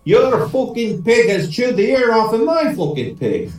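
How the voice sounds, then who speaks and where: A man's voice: high voice, big pitch swings, measured pace, darkish tone, very echoey, pitched above the performer's own voice. A man voicing an angry swearing Irish farmer in a put-on Irish accent, far from the mic. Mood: furious. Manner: furious, cursing, storming in.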